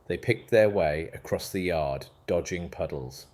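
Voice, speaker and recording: Deep-voiced man narrating a story. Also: unhurried, darkish tone.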